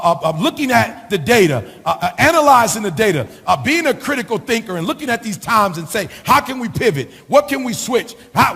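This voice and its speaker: A middle-aged man delivers a motivational speech with a high, gravelly, husky voice. He preaches in a rising and falling sing-song rhythm, stacks up rhetorical questions and swings widely in pitch. His voice rings with a long hall reverb. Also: fairly bright tone. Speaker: motivational speaker.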